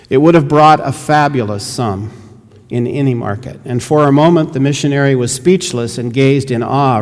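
A man preaching a sermon, telling a story in an earnest, measured way, heard with a long hall reverb. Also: mid-range voice, darkish tone.

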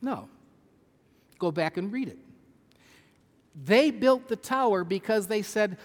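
A man preaches a sermon in a slightly higher register than most men. He teaches earnestly and emphatically and puts questions to his listeners. His voice carries a long reverb that lingers in the hall. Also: animated, slow pace, pauses often. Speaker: preacher teaching a Bible study.

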